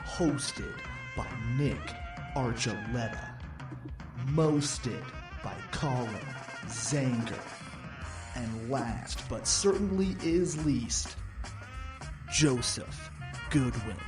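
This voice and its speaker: A man's voice: medium pitch, lively intonation. A mock-grand announcer , put on by a man, drags out every word of a podcast intro at a crawl. The voice sounds distant and roomy, with music playing underneath. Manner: drawn-out, mock-formal intro. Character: slow mock-grand male show announcer.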